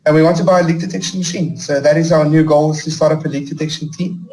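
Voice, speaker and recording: A man's voice: fairly high pitch, fairly even intonation, quick pace, darkish tone. South African man on a roomy call. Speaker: guest, plumbing business partner. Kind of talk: casual interview chat.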